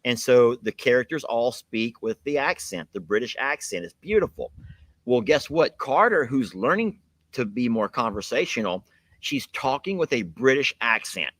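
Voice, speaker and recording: Animated, folksy male livestream host. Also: medium pitch, moderate pace, dry recording. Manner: folksy, chatty, lively. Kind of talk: casual live chat with a guest.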